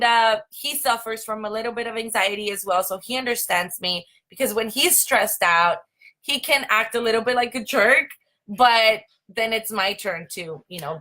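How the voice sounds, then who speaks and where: A woman's voice: mid-range voice, bright, forceful tone. A young woman hosting a casual live stream, chatty and full of "like" and "um". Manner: chatty, many fillers like "like" and "um". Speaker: host.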